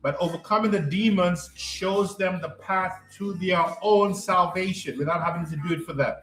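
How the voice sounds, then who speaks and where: A man's voice: high-pitched, moderate pace, a bit bright, echoey room, faint music behind. A man coaching on a live stream, answering chat in an emphatic, repetitive way and often checking that listeners follow him.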